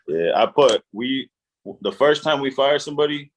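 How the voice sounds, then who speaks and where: A man co-hosting a podcast, talking in a relaxed, loose way as he recounts a story. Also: medium pitch, moderate pace. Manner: relaxed, loose, stumbles and restarts. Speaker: podcast co-host. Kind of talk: casual chat.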